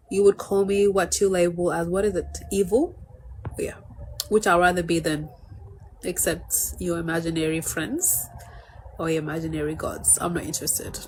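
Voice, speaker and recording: A woman's voice: fairly low pitch, slight background noise, low-quality recording. A woman delivering a defiant, rambling monologue, restarting phrases and breaking into laughter.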